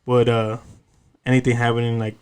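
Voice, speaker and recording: A man's voice: mid-range voice, completely flat delivery, fairly quick, a little mellow, smooth. Slangy casual podcast host, a man. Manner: loose, slangy, swears freely, laughs easily. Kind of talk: casual chat.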